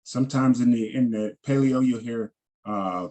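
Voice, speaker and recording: A man teaching a language class, slowly repeating each word and its pronunciation and checking in with "all right" as he goes. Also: medium pitch, dark tone. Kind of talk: slow vocabulary lesson over shared screen.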